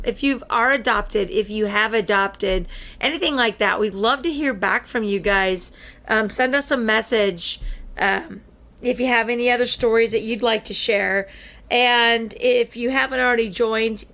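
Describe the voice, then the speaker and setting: A woman hosting a casual podcast, chatty with many fillers and quick laughs. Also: fairly high pitch, pushed and bright. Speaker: podcast host.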